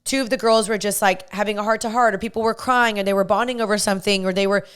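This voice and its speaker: A woman's voice: medium pitch, steady tone, quick pace, clean tone. A young woman hosting a podcast, telling a story in a gushing, chatty way and saying "like" constantly. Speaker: podcast host. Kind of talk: casual storytelling monologue.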